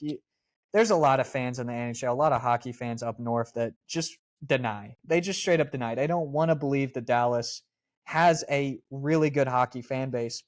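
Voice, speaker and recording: A man with a Southern US accent co-hosting a sports podcast, talking in an emphatic, rambling way with many fillers and restarts. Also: medium pitch. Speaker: podcast co-host. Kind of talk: casual sports talk.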